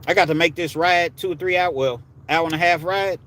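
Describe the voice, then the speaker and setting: This man's voice sits on the high side, a bit bright and a little fast, as he hosts a live stream. He tells stories and chats casually with viewers, relaxed and using street slang.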